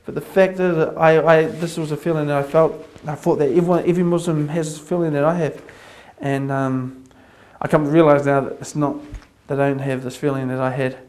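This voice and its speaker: A man with a New Zealand accent giving an earnest personal testimony, repeating phrases as he builds up excitement. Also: on the high side, brisk, few pauses. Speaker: convert sharing his testimony.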